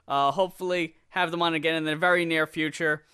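A man's voice: a little high, fairly even intonation, fast talker, sharp tone, smooth. A man co-hosting a podcast, joining in with joking, sarcastic banter in casual chat. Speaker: podcast co-host.

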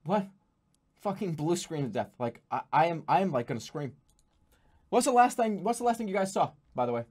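A man streaming from his home gaming setup, ranting to chat in an exasperated, swearing, animated way. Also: a little high, fairly quick. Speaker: game streamer.

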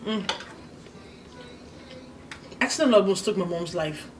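Her mid-range voice is expressive as this Nigerian host, speaking Nigerian English, tells a story during a casual mukbang. She pauses to eat, humming with enjoyment. A slightly distant mic picks up faint background noise.

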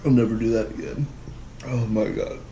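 A man's voice: fairly low pitch, steady tone, moderate pace. A man chatting casually through a taste-challenge vlog, exclaiming and groaning at what he tries. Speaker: vlogger. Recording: echoey room with loud background noise.

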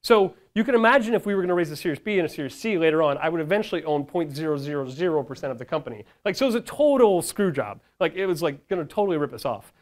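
Storytelling man with a higher voice. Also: racing, few pauses. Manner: lively storytelling, acts out quoted people, frequent ums and swearing. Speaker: founder speaking to startup founders. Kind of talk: storytelling conference talk.

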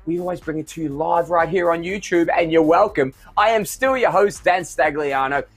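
A man's voice: on the high side, normal speed, faint music behind. A man hosting an online show in a playful, theatrical, jokey way. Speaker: host.

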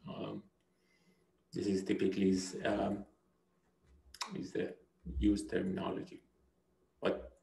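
A man's voice: low-pitched, flat delivery, slow, gravelly, long pauses, dark tone, reverberant, low-quality recording. A man giving a university lecture, hesitant, with many fillers and restarts, often checking in with "right?". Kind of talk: recorded lecture.

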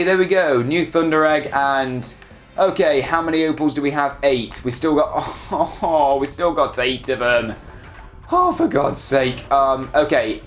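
A man giving casual, excitable commentary while playing a video game and talking back to it. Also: medium pitch. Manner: chatty, excitable, self-deprecating, talks to the game. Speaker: let's play gamer.

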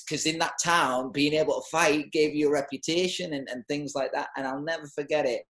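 Appearing as an interview guest, a man in his forties from North East England, with a Teesside accent, tells a personal story. His medium-pitched voice sounds roomy, and his delivery is halting and emotional, full of restarts.

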